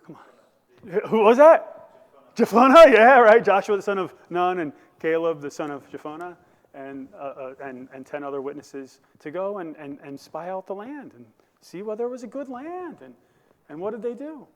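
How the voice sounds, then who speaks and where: A man's voice: a little high, lively intonation, moderate pace, long reverb tail. A male pastor preaching a sermon, building to emphatic bursts and asking the congregation questions. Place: church sanctuary.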